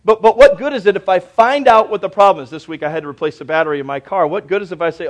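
A male pastor preaching a sermon in a church, folksy and conversational, swinging between quiet reflection and loud, lively bursts. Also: high-pitched, fast, hardly any pauses. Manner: folksy, conversational preaching with everyday examples and asides.

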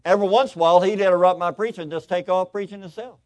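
A male pastor preaching a sermon, telling personal stories in an animated, excitable way with lots of repetition. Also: high-pitched, racing, dry recording, some chatter behind.

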